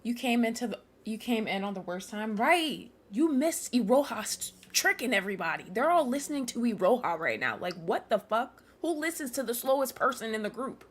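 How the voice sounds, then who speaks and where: A woman's voice: fairly high pitch, big pitch swings, fairly quick, hardly any pauses. A young woman streamer commenting live on a game, ranting angrily and swearing at the characters. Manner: angry, profane, ranting at characters.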